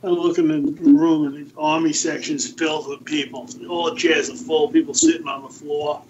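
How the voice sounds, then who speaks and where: A man in his sixties, a podcast guest, telling lively anecdotes in a casual storytelling style. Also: on the high side, normal speed, lo-fi sound, noisy background. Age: 60s. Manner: lively anecdotes, acts out the quoted voices.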